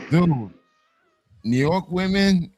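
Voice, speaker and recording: Lively, laughing man in group banter. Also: fairly high pitch, extremely slow, no room sound. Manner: loud, laughing, profane. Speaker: podcast host.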